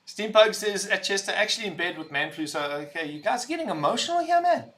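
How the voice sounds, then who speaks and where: A young man hosting a casual livestream, reading chat messages aloud, loud and rambling, laughing and swearing as he talks. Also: high-pitched, big pitch swings, fast talker. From visitor to the UK.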